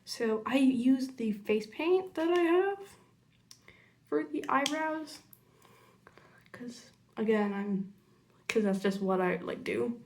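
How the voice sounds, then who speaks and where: A young woman chatting casually through a makeup tutorial, rambling into side stories and muttering quietly while she works. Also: fairly high pitch, expressive, slow, pauses often. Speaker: makeup vlogger.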